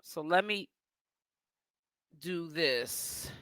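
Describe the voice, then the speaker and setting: Boston-raised male streamer, bright forceful tone, talks straight to the chat. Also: a little high, lively intonation, extremely slow, clean tone, dry recording. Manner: chatty, addresses chat and guests directly. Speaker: livestream host. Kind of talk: casual livestream chat.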